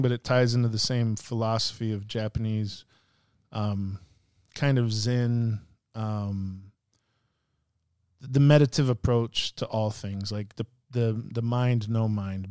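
A man's voice: lowish voice, darkish tone, smooth, no echo, studio quality. A man, a podcast guest, musing and retelling a martial arts story in a loose, profane way. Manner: rambling, many fillers and restarts, casual profanity. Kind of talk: casual podcast talk and storytelling.

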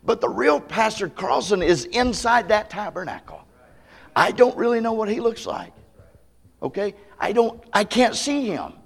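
Male pastor, high voice, emphatic sermon delivery with questions to the congregation. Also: expressive, normal speed, creaky, slightly rough. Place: church campmeeting service.

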